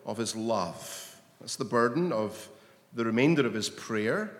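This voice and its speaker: A man preaching a sermon slowly and emphatically, his voice swelling with intensity on key phrases. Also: medium pitch, animated. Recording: long hall reverb.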